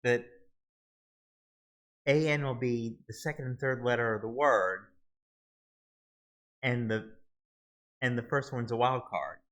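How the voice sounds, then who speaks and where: A man walking viewers through a website search tool in a halting, casual screen-recorded tutorial, often restarting his sentences. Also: mid-range voice, fairly bright tone, rough recording. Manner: halting, many restarts and fillers. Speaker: video tutorial host.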